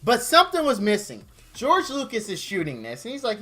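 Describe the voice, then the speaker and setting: A man's voice: high-pitched, huge pitch swings, brisk, few pauses, bright, forceful tone, slightly rough, soft background music. A man streaming a comedic rant, exasperated and mocking, who acts out made-up quotes in goofy voices.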